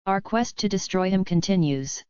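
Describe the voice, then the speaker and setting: A woman voicing a gentle, earnest young forest maiden. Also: mid-range voice, normal speed, clean tone, no echo, natural voice. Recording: dull lo-fi audiobook recording.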